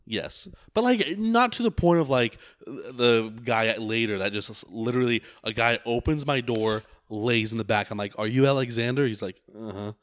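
A man's voice: mid-range voice, animated, normal speed, few pauses. A man in casual chat who tells long rambling stories and swears a lot. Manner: rambling storyteller, heavy swearing.

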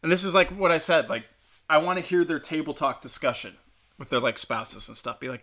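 A man hosting a casual solo rant, swearing freely and rising loud and high when he retells arguments. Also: brisk. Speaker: podcast host.

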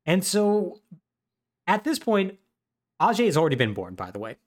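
Pitched high with wildly swooping intonation, this man speaks at normal speed. He's a podcast co-host in casual conversation, recapping a video game plot with lots of fillers and wry wit.

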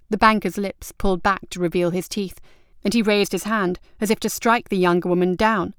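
A woman reading a novel aloud as an audiobook narrator in measured, even storytelling. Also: mid-range voice, smooth, no room sound, clean studio sound. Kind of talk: scripted narration.

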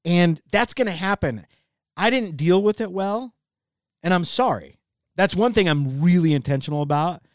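A fairly high, very lively man's voice that swoops up and down as he tells a story, acting out everyone's lines. He's in his forties and the sound is dry and close. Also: moderate pace, no echo. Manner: animated storyteller who acts out quoted dialogue; laughs through his own stories. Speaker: podcast co-host or guest. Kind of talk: casual podcast chat.

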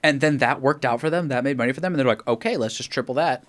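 A man's voice: medium pitch, fast talker. A man chatting casually about video games, rambling and swearing as he acts out quotes from friends. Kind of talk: casual gaming chat.

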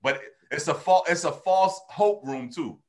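Unhurried and fairly high in pitch, a comedian co-hosting a podcast relaxes into animated storytelling. He plays out the people he quotes and laughs often.

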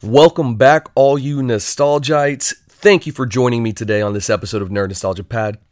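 An upbeat man hosting his own podcast, chatting casually with playful asides. His pitch sits in the middle range. The sound is dry and close, with no room echo. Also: moderate pace, few pauses. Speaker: podcast host.

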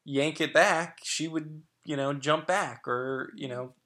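A man's voice: on the high side, takes it slowly, sharp tone. A middle-aged man sharing candid personal stories as a guest, frank and chatty with lots of fillers and restarts.

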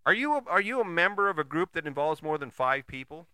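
Bright, animated man ranting bluntly. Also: a little high, fast talker, clean tone, no room sound, clean studio sound. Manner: blunt, profane, emphatic; rhetorical questions, restarts. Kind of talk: casual motivational monologue.

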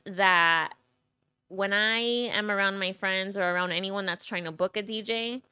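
A woman's voice: mid-range voice, moderate pace, pushed and bright, smooth, no echo, clean studio sound. A woman hosting a podcast, chatty and laughing as she puts questions to her guest. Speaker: podcast host. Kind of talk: casual podcast interview.

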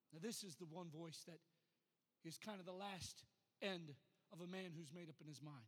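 A man, a pastor, preaching a sermon. He talks plainly at times and builds to loud, rhythmic preaching at others. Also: a little high, normal speed, in a large hall.

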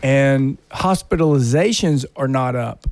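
A man's voice: mid-range voice, measured pace, darkish tone, no room sound. A man co-hosting a podcast, talking in a blunt, rambling way. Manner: blunt, rambling, mocks accents. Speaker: podcast co-host. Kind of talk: casual banter.

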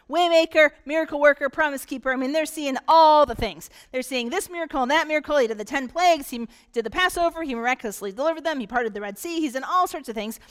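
High-voiced woman preaching a lively sermon. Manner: animated preaching with emphatic repetition. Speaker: pastor. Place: church.

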